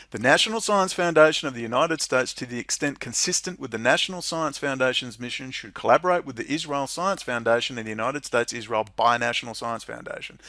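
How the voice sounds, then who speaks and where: A political commentary vlogger reads a policy document aloud and rants about it sarcastically, frequently bursting into mocking, high-pitched laughter. His tone is fairly bright, and the studio-quality recording has no room sound.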